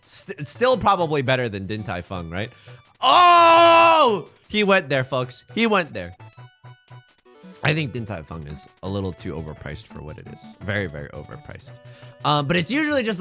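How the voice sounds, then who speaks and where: A young man streaming a mahjong game, chatting casually and joking with playful, drawn-out emphasis. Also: medium pitch, fairly bright tone. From China. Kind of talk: casual live-stream commentary while playing mahjong.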